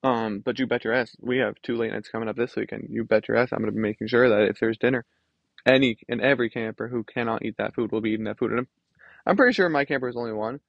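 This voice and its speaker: Gravelly young man ranting on a podcast. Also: medium pitch, fast talker, dry recording, highs cut off. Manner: ranting, frustrated, many "like" fillers. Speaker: podcast host. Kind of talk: casual solo podcast monologue.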